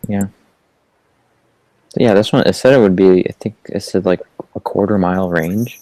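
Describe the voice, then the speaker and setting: Low-voiced easygoing man, dry sound. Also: normal speed, dark tone, dry recording, rough recording. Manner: easygoing, agreeable, frequent backchannels. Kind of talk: casual chat.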